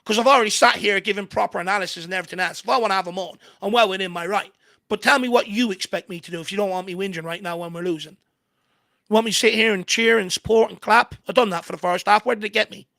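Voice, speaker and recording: A man's voice: high voice, quick pace, creaky, sharp tone, no room sound. A man co-hosting a football fan watchalong, ranting in exasperation and swearing heavily as he reacts live. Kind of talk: heated live match reaction.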